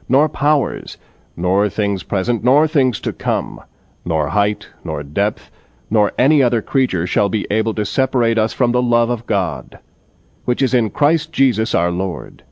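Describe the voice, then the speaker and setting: A man preaching a sermon in a measured, solemn manner, reading scripture aloud. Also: fairly low pitch, darkish tone, no room sound. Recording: dull lo-fi recording.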